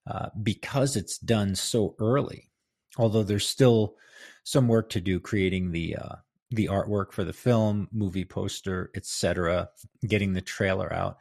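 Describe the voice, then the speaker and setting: A man's voice: on the low side, creaky, a little mellow. A man hosting a casual history talk, rambling and chatty with many fillers and restarts. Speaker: podcast host.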